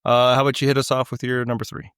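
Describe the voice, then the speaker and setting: A man's voice: medium pitch, flat delivery, rapid-fire, fairly bright tone, clear, resonant tone, no echo, clean studio sound. A middle-aged man with a Canadian accent, hosting a casual podcast chat in a loose, rambling way that wanders mid-sentence. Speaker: podcast host.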